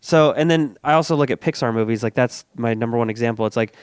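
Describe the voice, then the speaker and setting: A man hosts a relaxed podcast conversation at home, his voice smooth and resonant. He rambles through his thoughts with plenty of filler words. The sound is dry and close, with no room echo. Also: mid-range voice, fast talker. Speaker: podcast host. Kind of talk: casual chat.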